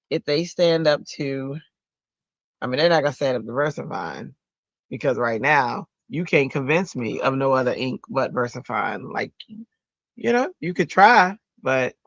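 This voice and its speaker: A woman with an extremely low voice hosts a casual card-making livestream from home, chatting with viewers while she works. She's talkative, answers the chat, and breaks into bits of song. The audio is dull with no echo.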